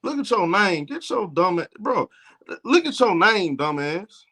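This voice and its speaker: A man's voice: high-pitched, very animated, a little slow, bright, forceful tone. A man from Alabama with a Southern accent, streaming casual live game talk in a blunt, profane, trash-talking way. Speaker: sports streamer.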